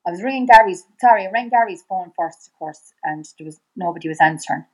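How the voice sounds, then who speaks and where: A middle-aged Irish woman with a slightly low voice tells a painful story as a podcast guest. She keeps repeating herself and acts out each exchange, her voice climbing as she quotes people. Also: lively intonation, fast, rough recording. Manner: repeats "I said" constantly, re-enacts dialogue with rising voice. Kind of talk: emotional personal storytelling.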